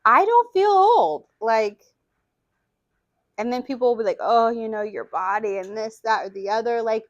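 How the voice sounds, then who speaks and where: A woman's voice: on the high side, level tone, normal speed, no echo, muffled recording. A woman in her forties, vlogging in a frank, casual way with lots of swearing and filler words. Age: 40s. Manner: frank and profane, filler-heavy, chatty. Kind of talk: candid casual vlog chat.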